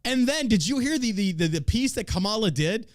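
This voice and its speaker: A man from the United States hosting a podcast, ranting in a crude, mocking, animated way about politics. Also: sits high, brisk, no echo, studio quality. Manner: animated, crude, mocking, puts on silly voices for others. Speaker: podcast host. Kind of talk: profane political podcast rant.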